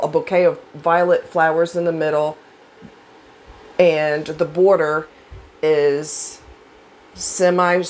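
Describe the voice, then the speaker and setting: A woman's voice: low-pitched, slight background noise, rough recording. A woman vlogger telling personal stories in a chatty, rambling way, acting out voices from her stories. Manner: chatty, rambling, with fillers and animated quoted voices. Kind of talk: casual storytelling.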